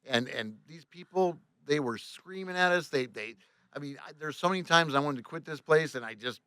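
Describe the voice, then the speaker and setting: A man with a fairly high, bright and forceful voice spins a story on a podcast about his work as a tour bus driver. He swears freely, keeps the tale lively and plays out every line of the exchange himself. The sound is dry and close. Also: normal speed, clean tone, no echo. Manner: animated, profane, reenacts dialogue with "I go, he goes".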